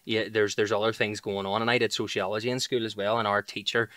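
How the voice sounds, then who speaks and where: A man in his thirties with a Belfast accent, a comedian chatting as a podcast guest and telling stories with lively, sweary energy. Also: lowish voice, quick pace, no room sound. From Northern Ireland. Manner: animated storyteller who swears freely. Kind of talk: casual chat.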